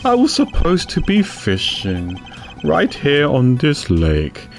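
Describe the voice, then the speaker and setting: A man's voice: on the high side, huge pitch swings, slow, vocal fry, soft background music, heavily acted. A man doing a dopey, bumbling detective. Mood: eager, rambling. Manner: dopey accented voice. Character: bumbling loyal male police detective.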